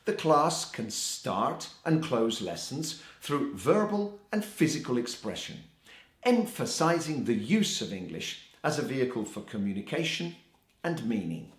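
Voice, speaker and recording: Animated male teacher trainer. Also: medium pitch, a little slow. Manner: demonstrates classroom phrases in animated voices. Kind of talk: instructional talk for teachers.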